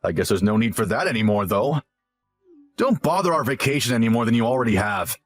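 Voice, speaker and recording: A smug, selfish young husband talks down and whines in a lively, swinging voice. A man acts him out while reading the story. Faint music sits under the reading. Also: medium pitch, fairly quick. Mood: condescending. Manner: condescending, whiny and scolding. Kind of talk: scripted story narration.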